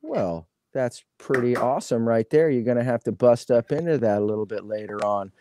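A man's voice: medium pitch, animated, fairly quick, mellow, a little hiss or hum. A laid-back man hosting a live card box break, chatting casually in slang. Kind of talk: casual live-stream chat.

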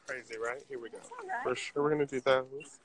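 A man's voice: mid-range voice, fairly even intonation, fairly quick, a crowd in the background. Sassy man livestreaming from a craft store. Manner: chatty, sassy, addresses viewers as y'all. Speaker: drag performer livestreaming. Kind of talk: casual live-stream chat. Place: indoors in a large craft store.

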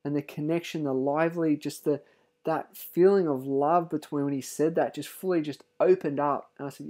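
A man's voice: fairly high pitch, fairly even intonation, normal speed, mellow. A middle-aged man, giving an earnest, heartfelt parent's testimonial in a casual way and often restarting his sentences.

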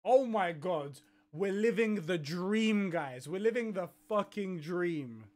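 A man's voice: high voice, animated, slow pace. A young man streaming live, swearing and laughing in disbelief as he reacts.

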